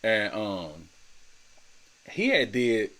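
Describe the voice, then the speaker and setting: A man's voice: fairly low pitch, sing-song, extremely slow, fairly bright tone. A man in his thirties hosting a casual solo podcast, talking in a slangy, laid-back way, repeating words and laughing often. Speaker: podcast host.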